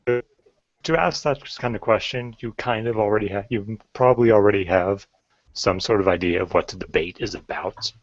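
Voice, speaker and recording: A man muses hesitantly during a podcast discussion. His voice is low and completely dry, with no room sound, and has a dull lo-fi tone. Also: no echo. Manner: hesitant, thoughtful, measured. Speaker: podcast panelist. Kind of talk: casual podcast chat.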